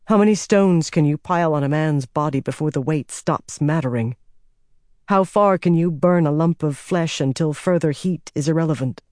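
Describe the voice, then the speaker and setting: A man voicing a stern, burdened young male king who speaks in a quiet, measured, grim way. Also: fairly high pitch, no room sound, studio quality, lightly acted.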